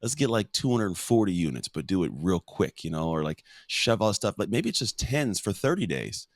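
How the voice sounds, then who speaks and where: Male guest speaker, very low voice, earnest storyteller, dry close recording. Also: very animated, fairly quick, dry recording. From United States. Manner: earnest, explains with stories and metaphors. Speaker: podcast guest, motivational speaker. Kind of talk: casual conversational interview.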